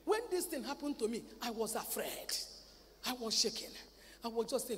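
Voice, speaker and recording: A woman preaching a sermon at a convention. She talks in a lively way, acts out family dialogue and repeats words. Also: on the high side, normal speed. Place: large convention hall. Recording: reverberant hall, faint ambient noise.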